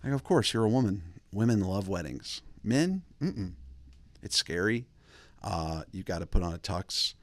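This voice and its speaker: A man's voice: low-pitched, sing-song, normal speed, dry recording. A man hosting a podcast, talking in a loose, rambling comic monologue. He wanders off on tangents and laughs at his own jokes. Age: adult father of kids. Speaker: podcast host.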